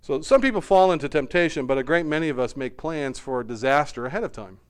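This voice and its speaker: A man preaching a sermon with a smooth, resonant voice that sits a little high. He speaks earnestly and slows down to stress his main points. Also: lively intonation. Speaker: pastor.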